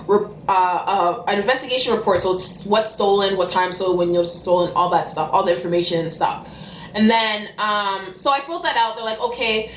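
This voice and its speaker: Lively, bright-voiced woman. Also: mid-range voice, echoey room, slight background noise. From Canada. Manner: fast-talking and animated, bursting into loud cussing. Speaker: vlogger. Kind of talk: storytime vlog.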